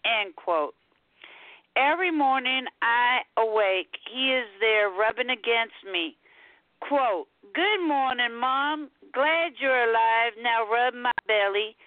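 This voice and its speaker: A woman from Texas, calling in to a radio show and reading her poem slowly and deliberately. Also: a little high, no room sound. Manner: slow, deliberate reading, says quote and end quote. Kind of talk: poetry reading over the phone. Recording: tinny phone line.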